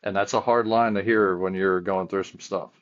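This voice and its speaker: Deep-voiced man telling earnest stories. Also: steady tone, moderate pace. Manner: earnest storyteller with frequent restarts. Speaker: firefighter and chaplain guest. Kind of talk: casual podcast conversation. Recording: dull lo-fi audio.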